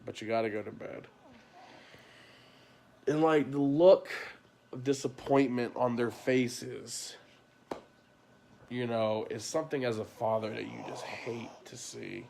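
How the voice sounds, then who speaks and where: A man's voice: medium pitch, fairly even intonation, measured pace, creaky, pauses often, a little mellow, a little hiss or hum. A father venting in a rambling, frustrated late-night livestream monologue from home, full of "you know" and "like", recorded on a phone. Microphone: phone camera.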